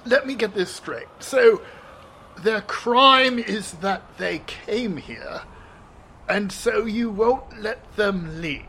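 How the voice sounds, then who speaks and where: A man's voice: sits high, slow, pushed and bright, a little hiss or hum, full character voice. A man playing a dry-witted adventurer in a tabletop game, asking sardonic questions. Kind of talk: in-character tabletop role-play.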